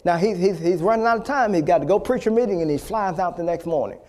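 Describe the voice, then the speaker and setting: A male pastor preaching a fervent sermon, repeating phrases and building to loud exhortation. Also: high-pitched, fast, few pauses.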